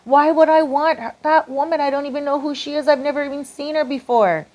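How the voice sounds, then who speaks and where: A woman's voice: on the low side, moderate pace, dull audio, natural voice. A woman quoting her story's boyfriend, earnest and reassuring, in her own voice. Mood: pleading. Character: earnest man, devoted boyfriend.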